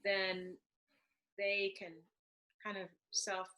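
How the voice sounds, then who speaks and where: A woman hosting a conversation over a video call, telling personal stories in an animated, emphatic way. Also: mid-range voice, extremely slow, poor audio. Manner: animated storyteller, warm and emphatic. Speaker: host. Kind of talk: conversational interview.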